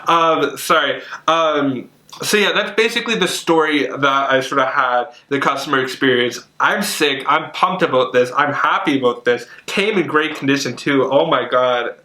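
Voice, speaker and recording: A young man chatting casually while unboxing comics, excitable and full of fillers and gushing. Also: medium pitch, normal speed, hardly any pauses. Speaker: comic collector vlogger. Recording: echoey room.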